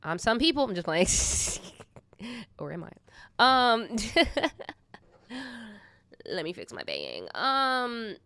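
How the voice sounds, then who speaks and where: A woman's voice: medium pitch, huge pitch swings, a little slow, sharp tone, clean tone, no room sound. A young adult woman hosting a casual storytime, reacting with slangy, candid commentary and laughing asides. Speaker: storytime host.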